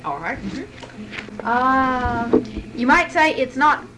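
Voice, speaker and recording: A woman's voice: high voice, expressive, very slow, background noise. A woman interviewer who patiently prompts answers by starting sentences and leaving them for the other person to finish. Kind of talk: dialect survey interview.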